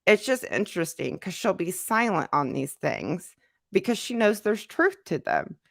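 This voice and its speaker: Fighting a cold, a woman hosts a casual livestream and reads chat comments aloud, rambling, repeating herself, and using lots of fillers. Her fairly low voice is gravelly and sing-song at a moderate pace, with a dry, studio-quality recording.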